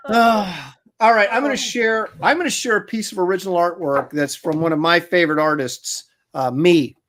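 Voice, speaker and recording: Chatty middle-aged man, fairly high voice. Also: normal speed. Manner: relaxed, chatty, reads viewer comments aloud. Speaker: comic artist and show co-host. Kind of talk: casual livestream chat.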